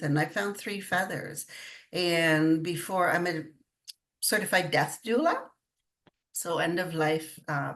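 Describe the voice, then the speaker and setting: An older woman chatting in an interview, telling stories with frequent laughs. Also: deep voice. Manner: chatty storytelling, laughs often. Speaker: guest, intuitive channeler. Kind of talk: casual interview chat.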